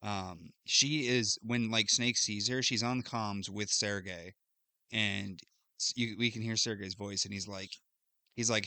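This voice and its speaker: A man's voice: on the low side, steady tone, measured pace, pushed and bright, no room sound, clean studio sound. A man co-hosting a podcast, casually retelling a video game plot in a loose, rambling way with plenty of fillers. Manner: loose storytelling recap, thinks aloud with fillers. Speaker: podcast co-host recapping a game. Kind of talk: casual chat.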